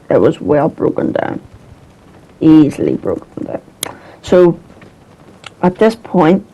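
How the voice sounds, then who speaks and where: Slow, rambling young-sounding man. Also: fairly high pitch, warm tone, lo-fi sound. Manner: rambling, hesitant, swears casually. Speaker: storyteller. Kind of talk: casual storytelling.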